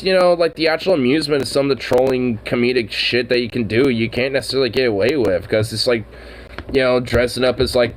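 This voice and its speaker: A man's voice: mid-range voice, slight background noise, rough recording. A man chatting casually, rambling and swearing, laughing often as he riffs on a story. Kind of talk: casual chat.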